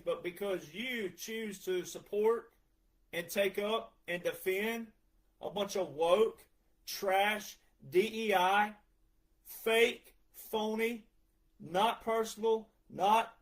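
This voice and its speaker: A man's voice: high-pitched, rough recording. A man, a retired veteran ranting sarcastically in a heated monologue. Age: 40s. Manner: ranting, sarcastic, mocks others in put-on voices. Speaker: retired veteran ranting about country music.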